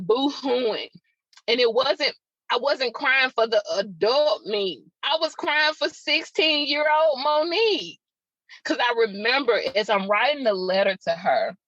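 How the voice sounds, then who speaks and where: A podcast host shares a personal story in an emotional, raw, confiding way, chatting aside to her listeners. Her mid-range voice is expressive and fairly bright with a breathy edge, at normal speed. The sound is dull, lo-fi and dry, with no room sound.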